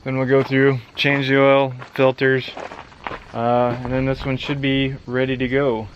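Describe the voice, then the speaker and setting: In a casual walkaround vlog, a central Nebraska farmer stands outdoors by machinery and rambles loosely through his farm work in a laid-back way. His medium-pitched voice is completely flat and a little slow, and the recording is muffled with background noise.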